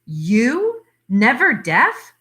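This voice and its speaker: A woman's voice: fairly high pitch, wildly swooping pitch, drawn-out words, sharp tone, pitched above the performer's own voice, heavily acted. A woman voicing a timid stammering young woman. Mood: startled. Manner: hesitant, stammering.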